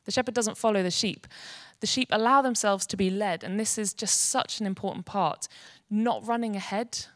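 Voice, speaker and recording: A woman's voice: mid-range voice, normal speed, dry recording, studio quality. Earnest woman giving a devotional teaching. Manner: earnest, gentle explaining. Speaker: Bible teacher.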